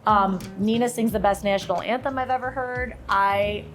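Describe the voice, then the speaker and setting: Animated storytelling woman. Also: medium pitch, normal speed. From Toledo, Ohio. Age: adult, sings since her mid-twenties. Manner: animated storyteller, acts out quoted voices. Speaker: podcast guest, singer and lawyer. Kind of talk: casual interview chat.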